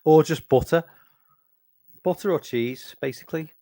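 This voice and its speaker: A man's voice: on the high side, moderate pace, warm tone, no room sound, studio quality. A middle-aged British man chatting loosely and sweary in a late-night Q&A stream, tired and rambling with many restarts. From United Kingdom. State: tired, fighting sleep. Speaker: live streamer. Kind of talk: late-night casual Q&A chat.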